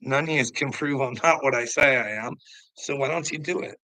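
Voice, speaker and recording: Guy ranting on a stream, cussing a lot, picking fights with chat, sharp tense voice. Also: medium pitch, brisk, no echo, low-quality recording. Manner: profane, confrontational, goading. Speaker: livestreamer answering chat. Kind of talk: unscripted ranting livestream.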